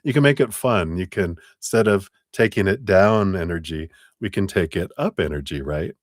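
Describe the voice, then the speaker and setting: A man's voice: low voice, moderate pace, dry recording, studio quality. A man giving a live tarot reading in a chatty way, laughing often and acting out little quoted voices. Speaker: tarot reader.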